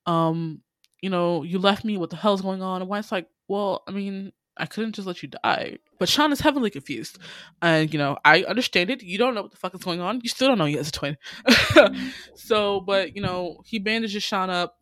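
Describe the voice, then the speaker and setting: Animated man retelling a show, dry sound. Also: sits high, normal speed, no echo. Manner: animated storytelling, acts out character quotes, swears freely, frequent "you know". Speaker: podcast host recapping a series. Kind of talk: casual chat.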